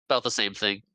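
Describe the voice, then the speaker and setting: A man's voice: on the low side, sharp tone, smooth, no echo. A man co-hosting a podcast, chiming in with short agreements and jokes and chuckling a lot. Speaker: podcast co-host. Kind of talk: casual movie recap chat.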